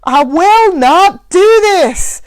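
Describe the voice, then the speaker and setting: A woman's voice: fairly high pitch, animated, normal speed, dry recording, natural voice. A woman voicing a desperate grieving father. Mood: anguished. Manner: loud, strained, cries out and begs. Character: anguished middle-aged father, desperate, pleading. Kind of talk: live reading of a novel.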